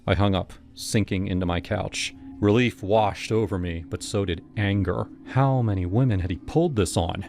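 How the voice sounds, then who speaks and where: A man narrating a scripted first-person horror story in a steady, even manner. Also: fairly low pitch, normal speed, gravelly, few pauses. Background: music.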